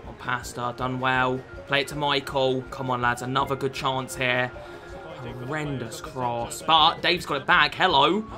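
A young British man giving fast, excitable live commentary on a football video game, swearing often and bursting into exasperated outbursts. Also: mid-range voice, music in the background. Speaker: gaming YouTuber.

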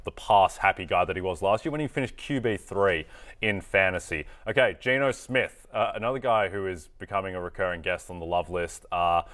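A man with an Australian accent co-hosting a fantasy football show, laid-back and measured. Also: low-pitched, fairly bright tone. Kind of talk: sports analysis chat.

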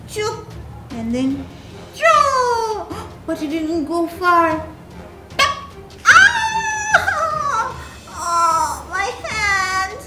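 A woman voicing a cheerful little green dinosaur toy that squeaks and keeps repeating its own name. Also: very slow, far from the mic, heavily acted. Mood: startled, hurting. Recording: roomy with background music.

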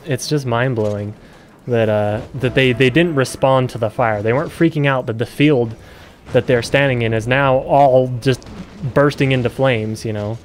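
A young man streams a game in a mid-range voice, with a little hiss or hum on the recording. He rambles casually, swears, and gets loud and exasperated.

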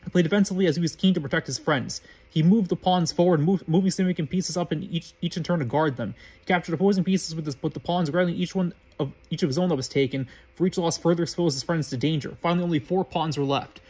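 Fast-reading husky man. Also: fairly high pitch, a little mellow, low-quality recording. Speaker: narrator. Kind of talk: reading fan fiction aloud.

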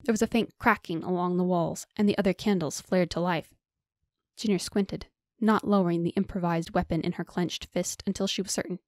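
A woman narrating a fantasy audiobook with steady storytelling on a close mic. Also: on the low side, no echo. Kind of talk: scripted narration.

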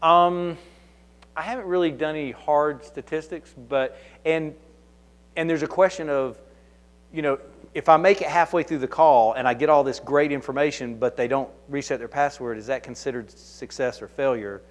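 A man's voice: on the high side, moderate pace. A man with a Southern US accent, a security consultant answering audience questions at a conference in a conversational, anecdotal way, often restarting his sentences. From Kentucky. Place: conference hall.

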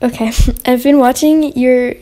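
A woman's voice: high voice, steady tone, unhurried, mellow. A young woman hosting a casual gaming Q&A vlog, chatty and rambling with lots of fillers and restarts. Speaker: channel host.

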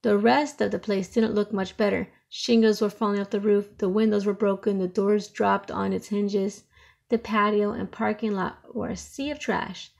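A woman reading a children's picture book aloud with expressive storytelling. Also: medium pitch, normal speed, gravelly. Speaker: storybook reader.

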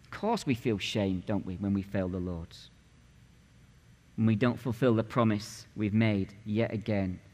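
Fairly low in pitch, a bit slow and somewhat dark in tone, a male pastor in his late forties delivers a sermon in a church sanctuary. He speaks in a punchy, conversational way, throwing rhetorical questions at his congregation, with long church reverb on the recording.

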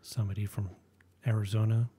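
A man from the northeastern US joins a painting stream as a joking co-host. His voice is very low and flat, with a dark, husky, breathy sound. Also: a little fast. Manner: teasing, joking.

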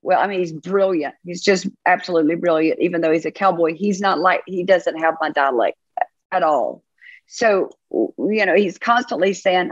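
A woman's voice: lowish voice, moderate pace, dry recording, highs cut off. A woman with a Southern accent, a pastor guesting on a podcast, telling stories in a chatty, folksy way and laughing easily. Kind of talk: casual storytelling chat.

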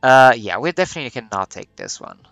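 A man's voice: medium pitch, very animated, fast talker, creaky, fairly bright tone, dry recording, faint music behind. A man playing a video game, reading its text aloud and thinking aloud in a hesitant, musing way. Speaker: let's play gamer.

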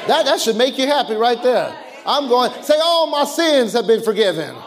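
High-voiced preaching pastor, animated. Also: male voice, normal speed, some chatter behind. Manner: animated preaching with call-and-response, laughter and shouts; informal speech, restarts and repetitions. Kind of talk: sermon.

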